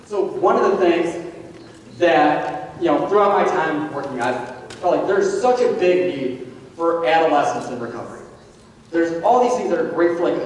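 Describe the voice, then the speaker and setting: Casual male presenter with a fairly high voice, heard from a distance in a reverberant hall. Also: darkish tone. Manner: conversational, many fillers like "like". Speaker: addiction therapist presenting. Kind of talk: casual public talk to parents. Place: large echoey hall. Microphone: distant from the recorder. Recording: echoey hall from far off, faint background hum.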